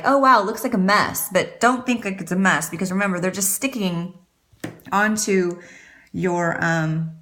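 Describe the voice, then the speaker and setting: A woman with a mid-range, fairly bright voice chats casually as she works through a makeup tutorial. This beauty vlogger rambles and pokes fun at herself.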